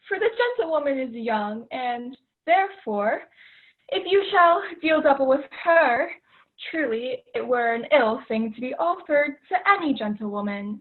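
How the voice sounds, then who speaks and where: Teen girl playing a fussy scolding nurse. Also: high-pitched. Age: teens. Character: fussy talkative old nurse, woman. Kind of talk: Shakespearean stage acting over video call. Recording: tinny video-call audio.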